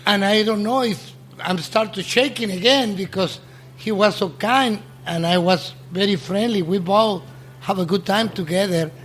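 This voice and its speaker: A restaurant owner telling a story in casual, halting English, often restarting his sentences. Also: high-pitched, a bit bright, slight background noise.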